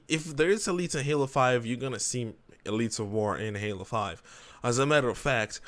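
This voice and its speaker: A man co-hosting a casual chat show, excitable, teasing and quick to swear. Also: medium pitch. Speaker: co-host.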